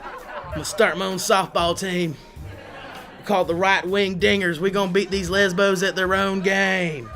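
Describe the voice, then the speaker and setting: A woman's voice: mid-range voice, steady tone, moderate pace, a bit bright, soft background music, some chatter behind, lightly acted. Woman putting on a boastful drawling weirdo guy. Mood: scheming. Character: creepy redneck male kidnapper, boastful.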